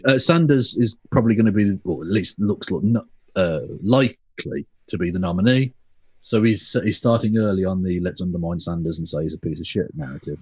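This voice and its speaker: A British man co-hosting a casual political chat, sardonic and sweary, with quick asides. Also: sits low, husky, no echo. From United Kingdom. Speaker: podcast co-host.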